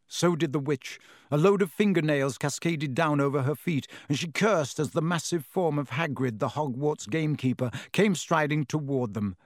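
A man reading an audiobook in a measured, expressive storytelling manner. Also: fairly high pitch, no echo, clean studio sound. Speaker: narrator. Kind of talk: audiobook narration.

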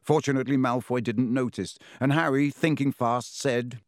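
A man narrating an audiobook in a measured, steady storytelling manner. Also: medium pitch, no room sound, clean studio sound.

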